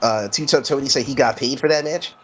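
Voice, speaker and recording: A man hosting a gaming stream, chatting casually with friends and breaking into excited play-by-play of the match. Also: medium pitch, brisk. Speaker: streamer and host. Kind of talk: casual gameplay chat and commentary.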